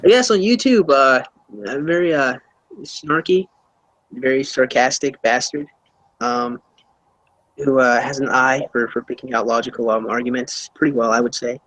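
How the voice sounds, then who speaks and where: A man's voice: mid-range voice, normal speed, fairly bright tone, no room sound, poor audio. A young man answering interview questions casually, rambling with many fillers and restarts. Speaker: YouTuber being interviewed.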